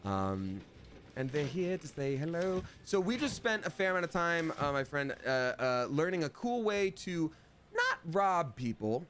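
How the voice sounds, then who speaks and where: Chatty male streamer with lively pitch. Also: unhurried, slight background noise. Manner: chatty, playful, jumps into silly voices. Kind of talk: casual livestream gaming commentary.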